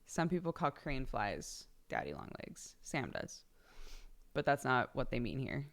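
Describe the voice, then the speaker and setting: A woman's voice: rumbling low, very animated, measured pace, vocal fry. A young woman chatting casually on a live stream, laughing often and swearing offhandedly.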